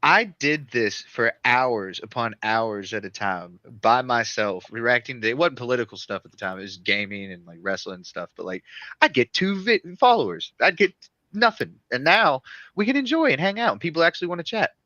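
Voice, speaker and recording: A man's voice: medium pitch, normal speed, no echo, highs cut off. A man with a country Southern accent, chatting on a live stream with lots of laughter and swearing. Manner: laughing, animated, profane. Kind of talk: casual banter.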